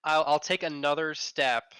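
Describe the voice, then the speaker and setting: Bright, clear-voiced man playing a tabletop game. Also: a little high, moderate pace, dry recording. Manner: relaxed, thinks aloud with fillers. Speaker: player. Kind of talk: casual tabletop play.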